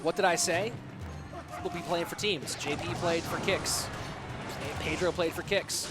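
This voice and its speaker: Excitable high-voiced male game caster. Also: unhurried. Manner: chatty, excitable play-by-play, talks to chat. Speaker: esports caster. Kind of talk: live stream commentary. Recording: music bed behind voice.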